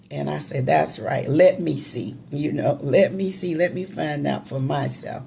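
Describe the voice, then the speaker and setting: A woman's voice: deep voice, animated, unhurried, creaky, hardly any pauses, mellow, slight background noise. A woman telling an emotional personal story in a casual, conversational, emphatic way.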